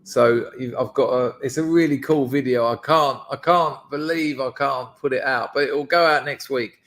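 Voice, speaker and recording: A man's voice: mid-range voice, steady tone, normal speed, fairly bright tone. A man hosting a casual live stream, rambling and chatting to his viewers with self-deprecating asides. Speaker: livestream host.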